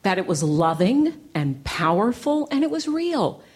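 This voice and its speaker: A woman giving a lively talk to a church gathering, telling stories with playful, punchy repetition and plenty of animation. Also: medium pitch, a little slow, husky. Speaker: inspirational speaker. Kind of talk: storytelling talk to a live audience.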